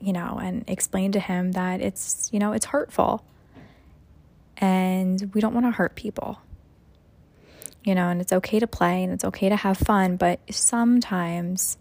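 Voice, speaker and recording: Gravelly-voiced young mom rambling reflectively. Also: female voice, mid-range voice, steady tone, a little slow, darkish tone, no room sound. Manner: rambling, reflective, many "you know" fillers. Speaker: podcast host, mother. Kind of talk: casual solo podcast monologue.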